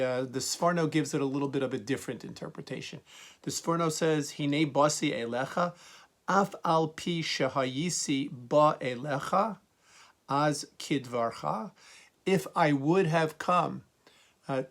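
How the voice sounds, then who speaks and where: Rabbi explaining a Torah text. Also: male voice, mid-range voice. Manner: reads Hebrew verses slowly, then translates and explains. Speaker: rabbi teaching Torah commentary. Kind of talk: spoken Torah lesson.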